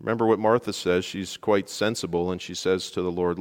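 A man preaching a sermon, telling a story with lively emphasis, rising loud at key points and dropping to near quiet for dramatic moments. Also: sits low, fairly quick, hardly any pauses. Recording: long hall reverb.

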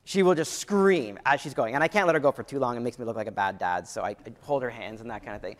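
A man's voice: mid-range voice, quick pace. A man in his thirties preaching a sermon in a conversational way, often repeating phrases and restarting sentences. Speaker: pastor. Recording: long hall reverb.

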